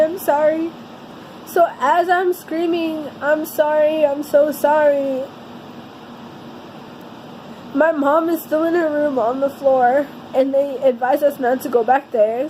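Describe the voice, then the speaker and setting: A woman with a high voice recounts a personal story for her vlog. She speaks earnestly and heavily, stumbling and restarting her sentences as she goes. A faint hum of noise sits behind her. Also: darkish tone, poor audio. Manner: halting and earnest, with many restarts; somber, heavy-hearted telling. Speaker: vlogger.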